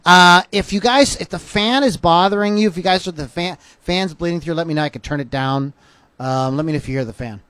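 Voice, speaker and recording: A man's voice: on the high side, brisk, a bit bright, clean tone, no room sound. A man hosting a rock podcast livestream in casual chat, joking and rambling and stopping to correct himself, in a home studio. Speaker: podcast host. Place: home studio with a fan running.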